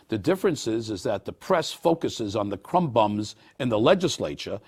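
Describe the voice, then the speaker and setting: In a TV studio, a borough president in his sixties with a Brooklyn accent answers interview questions in a folksy, animated way, hesitating often. His voice is medium-pitched and husky.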